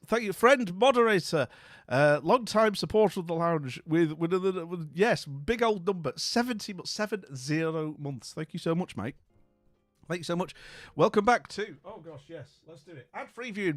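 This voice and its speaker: Casting: tired, chatty male streamer, animated and fairly high, dry close mic. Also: no echo. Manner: chatty, jokey, rambling with fillers and restarts. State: tired and dopey. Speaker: livestream host. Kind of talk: casual live-stream chat greeting viewers.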